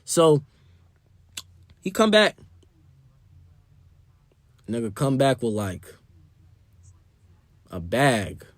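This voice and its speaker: A man's voice: medium pitch, very animated, extremely slow, long pauses, dry recording. A young man telling a wild party story in a casual, slangy and profane way. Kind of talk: storytime vlog.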